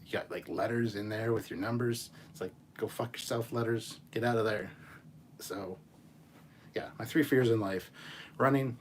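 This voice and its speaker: A man hosting a casual chat show, reading viewer messages and ranting in an animated, profane way. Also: lowish voice, slight background noise. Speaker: channel host.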